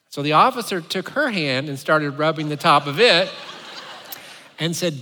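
Bright-voiced playful pastor preaching. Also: male voice, on the high side, normal speed, in a large hall. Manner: playful, animated storyteller. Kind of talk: sermon with humorous storytelling.

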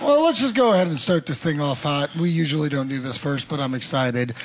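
A man's voice: a little high, animated, fairly quick. A man co-hosting a casual podcast, telling a rambling joking story. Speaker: podcast co-host. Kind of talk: casual chat.

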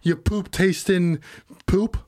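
A man's voice: high voice, fairly even intonation, slow, a little mellow. A man in casual chat, teasing his friends with jokey insults.

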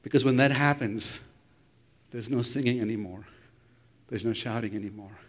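A man preaching a sermon in a church, telling an imagined story and putting questions to the congregation as he goes. His voice sits at an ordinary middle pitch and rings out with a long hall reverb. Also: moderate pace. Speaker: pastor. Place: church sanctuary.

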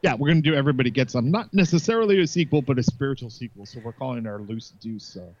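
A man guesting on a podcast, talking casually and haltingly with lots of fillers. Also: medium pitch, animated, no echo. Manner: hesitant, halting with many fillers. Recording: dry, dull lo-fi mic.

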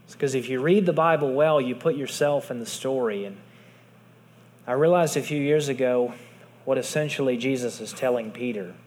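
A man preaching a sermon in earnest, dropping to soft hushed tones for emphasis. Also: mid-range voice, normal speed, in a large hall. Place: large hall with audience.

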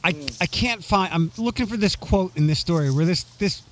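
A man's voice: high-pitched, a little fast. A young man co-hosting a casual podcast chat, rambling and restarting as he talks. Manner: rambling, animated, restarts often. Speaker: podcast co-host.

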